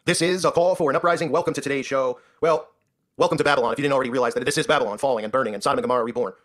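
A man's voice: mid-range voice, steady tone, racing, fairly bright tone. A man hosting his own commentary show, ranting in an indignant, sarcastic way and often tagging lines with "right?".

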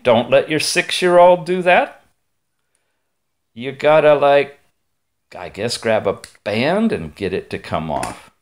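A man giving a chatty hands-on product review, with playful asides and quick digressions. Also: medium pitch. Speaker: tech reviewer.

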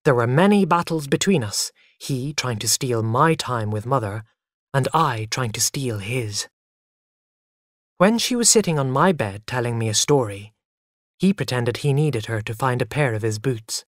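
A man reading a storybook aloud in an expressive, animated way, his pitch moving widely through each line. The sound is close and dry, with no room around it. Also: moderate pace, dry recording. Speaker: narrator. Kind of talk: scripted story narration.

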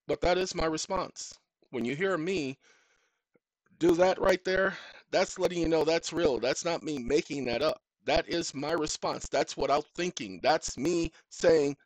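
A man hosting his own channel, lecturing viewers in a combative monologue that swings into loud rants. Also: on the high side, a little slow, no room sound, rough recording. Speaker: channel host. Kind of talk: direct-to-camera monologue.

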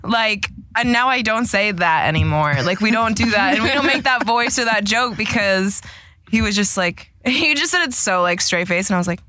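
A woman's voice: mid-range voice, expressive, moderate pace, bright, forceful tone, no echo. A woman co-hosting a podcast, rambling through stories and laughing often. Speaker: podcast co-host. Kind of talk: casual chat.

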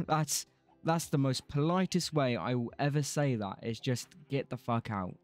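A man's voice: medium pitch, expressive, moderate pace, faint music behind. A man streaming a building game, rambling casually, swearing freely and laughing often. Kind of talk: casual livestream commentary while gaming.

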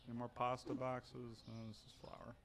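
A man giving casual gameplay commentary, narrating his own moves with animated mock outrage. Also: medium pitch, normal speed, slight background noise. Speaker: gaming streamer.

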